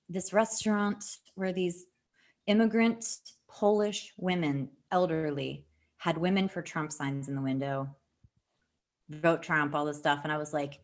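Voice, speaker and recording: Blunt, swearing woman, low voice. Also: expressive, normal speed. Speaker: podcast co-host. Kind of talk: casual chat. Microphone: remote call mic.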